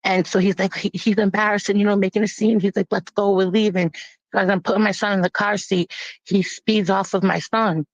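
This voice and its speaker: Woman, mid-pitched voice, plain-spoken personal testimony, halting and grave, dry room. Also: steady tone, dry recording. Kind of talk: personal testimony, casual storytelling. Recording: dull lo-fi, dry.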